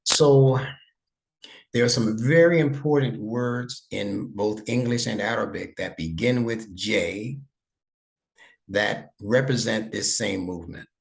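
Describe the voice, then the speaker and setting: A man's voice: lowish voice, slow, creaky. A man teaching an online lesson over a video call, patient and encouraging, praising his student often. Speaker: instructor.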